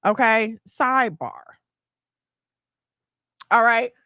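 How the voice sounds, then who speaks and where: Woman host, preachy and emphatic, high voice, dry close sound. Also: drawn-out words, smooth, no echo. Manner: emphatic and preachy, lively storytelling. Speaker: podcast host. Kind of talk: casual advice talk.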